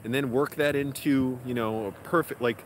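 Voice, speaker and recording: A man's voice: medium pitch, steady tone, moderate pace. Rambling man vlogging outdoors. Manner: rambling, chatty, lots of fillers. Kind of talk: casual vlog talk. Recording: outdoor street noise behind.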